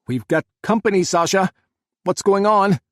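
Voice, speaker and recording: A man voicing a male president who stays steady in combat, speaking in an earnest, resolute way. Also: medium pitch, brisk, breathy edge, dry recording, clean studio sound, lightly acted. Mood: shouting.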